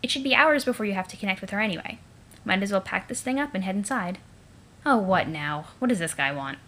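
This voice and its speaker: A woman reads a webcomic aloud in a relaxed let's-play style. She narrates in the second person and breaks off for wry, joking asides. Her pitch sits at an ordinary middle level. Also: fast.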